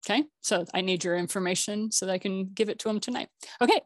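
A chatty woman hosts a casual online networking call, joking and laughing between introductions. Her voice sits at an ordinary middle pitch and sounds dry and close, with no room around it. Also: quick pace, dry recording. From Colorado. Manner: chatty, jokey, laughs often. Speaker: host.

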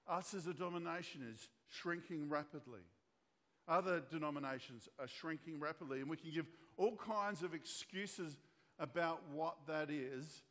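A man's voice: fairly high pitch, fairly bright tone. A man preaching a sermon as pastor, retelling a story and acting out the voices of its characters. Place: church hall. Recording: long church hall reverb.

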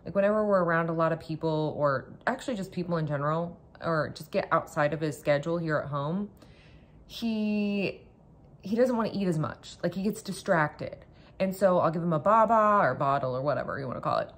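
Woman vlogger, lowish voice, chatty and rambling, home kitchen. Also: brisk. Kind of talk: casual vlog chat.

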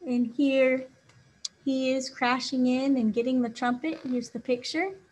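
A woman teacher reading a children's novel aloud, expressive and acting out the sound words. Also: high-pitched, a little slow, a little hiss or hum.

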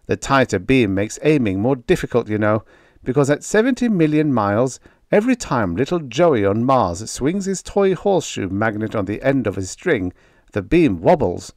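A man voicing an excited, breathless male engineer bursting in with urgent news. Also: medium pitch, dry recording, studio quality, pitched above the performer's own voice, lightly acted.

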